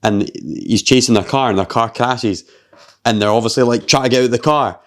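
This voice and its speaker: A Scottish man chats on a podcast, his voice sitting at an ordinary middle pitch. He retells a story with lively energy, swearing freely and scattering fillers through every sentence. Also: brisk. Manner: animated storyteller, swears freely, heavy use of "like". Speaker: podcast host. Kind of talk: casual chat.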